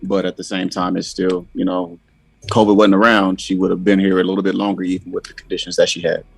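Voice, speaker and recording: A man from Bakersfield, California, a podcast guest on a video call, talking in an earnest, steady, somber way. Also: low voice, fast talker, gravelly, breathy edge, no room sound. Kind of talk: casual podcast chat.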